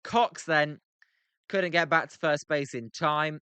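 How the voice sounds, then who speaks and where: Chatty British man, bright clear voice. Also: fairly high pitch, slow pace, no room sound. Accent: British English. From Britain. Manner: chatty, banters with chat, plays with pronunciations. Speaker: livestream host reacting to a baseball game. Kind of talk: casual live-stream commentary, reading chat.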